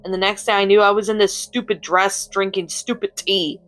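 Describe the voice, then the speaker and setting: A woman's voice: medium pitch, steady tone, normal speed, fairly bright tone, close to an everyday voice. A woman voicing a sulky, grumbling male wind god. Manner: muttering, sulky and irritable.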